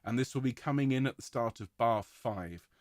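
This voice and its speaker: A man directing a choir rehearsal, giving clear, encouraging instructions and singing out rhythms to demonstrate them. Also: medium pitch, moderate pace, darkish tone, no echo, clean studio sound.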